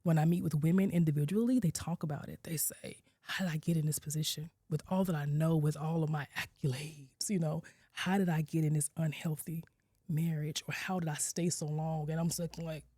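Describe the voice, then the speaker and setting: A woman in her forties shares a personal story as a podcast guest, speaking candidly in a lowish, mellow voice. She voices her own words and her children's as she goes, at times sinking to a soft near-whisper, and the sound is dry and close. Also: fairly quick, breathy edge, no echo. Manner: candid, quotes herself and her kids with lively shifts, drops to soft near-whispers. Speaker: guest, licensed clinical social worker. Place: podcast studio.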